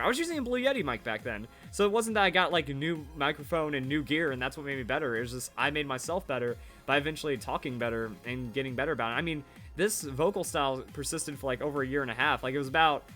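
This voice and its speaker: This twenty-something Pokemon YouTuber has a somewhat high, slightly bright voice. He talks casually over his old videos, rambling, repeating himself and falling into verbal tics.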